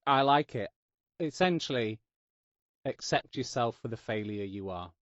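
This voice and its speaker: A little slow but lively in intonation, a medium-pitched Yorkshire man hosts a casual podcast interview. His neutral English accent hints at the North, and he chats, cracks jokes, and makes fun of himself. There's no room sound, just a dull, lo-fi dry recording.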